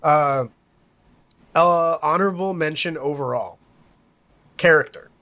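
A man co-hosting a casual TV recap podcast, rambling and animated, laughing often. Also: on the high side, unhurried. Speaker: podcast co-host.

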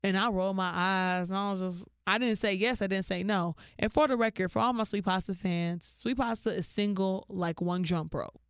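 A woman hosting a podcast, telling a story in a slangy, animated way and jumping into high voices for the people she quotes. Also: moderate pace, few pauses, smooth, no echo, clean studio sound. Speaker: podcast host. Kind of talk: casual storytelling monologue.

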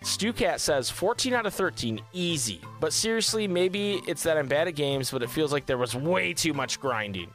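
Lively man reading chat on a podcast. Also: on the high side, moderate pace, hardly any pauses, soft background music. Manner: lively, reads viewer comments aloud. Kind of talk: casual gaming podcast chat.

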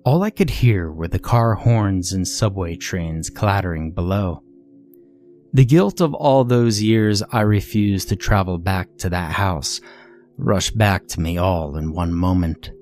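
A man reading a horror story aloud in a somber, steady manner. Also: deep voice, unhurried. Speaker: narrator. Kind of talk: scripted horror narration. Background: faint music.

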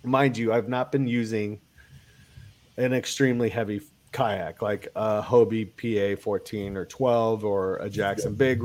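A man's voice: on the low side, a little mellow. A man with a cold chatting casually about kayak gear, rambling with lots of fillers and restarts. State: has a cold. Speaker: kayak angler guest. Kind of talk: casual chat.

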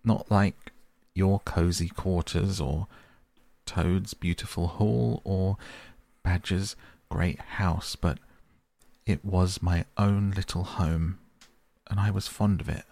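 A man reading the part of a tearful, homesick male mole in a storybook, speaking in halting, stammering sobs. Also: deep voice, steady tone, vocal fry, dark tone, dry recording, heavily acted. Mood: grieving.

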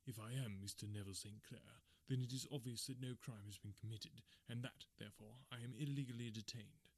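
A man's voice: medium pitch, fairly even intonation, fairly quick, no room sound, natural voice. A man voicing a refined, desperate male prisoner who pleads in anguish in a storybook reading. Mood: defiant.

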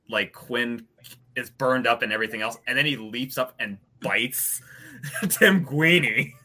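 A man in casual movie discussion, animated and laughing as he talks. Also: medium pitch, a little hiss or hum. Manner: animated, laughs while talking. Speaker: podcast panelist.

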